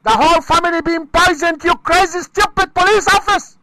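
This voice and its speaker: Furious high-voiced man yelling on the phone. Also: fairly even intonation, fairly quick. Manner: shouting, insulting, furious. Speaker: caller. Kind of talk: angry prank phone call. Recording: noisy phone recording.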